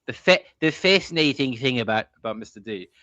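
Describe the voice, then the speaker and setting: Brief: quick, chatty man who laughs often and slips into impressions. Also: medium pitch, expressive, bright, forceful tone, no room sound, lo-fi sound. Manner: chatty, laughs often, enjoys mimicking voices. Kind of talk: casual chat.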